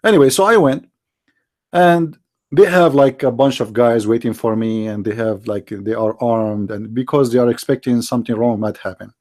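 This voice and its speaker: A man's voice: medium pitch, fairly even intonation, normal speed, darkish tone. A man hosting a live call-in show, talking bluntly and mockingly in broken grammar. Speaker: host of a live call-in challenge. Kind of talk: unscripted live talk.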